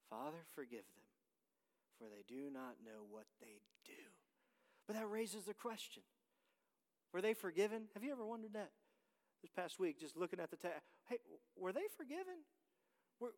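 Male pastor, high voice, dramatic sermon, hushed to shouting, reverberant hall. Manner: swings from hushed to shouting, sings hymn lines.

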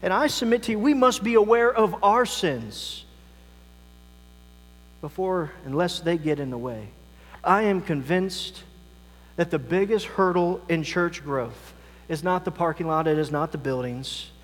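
High-voiced preacher man in a reverberant hall. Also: lively intonation, a little slow. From United States. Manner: preaching, swings between loud emphasis and quiet asides. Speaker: pastor. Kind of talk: sermon. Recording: long reverb, mains hum.

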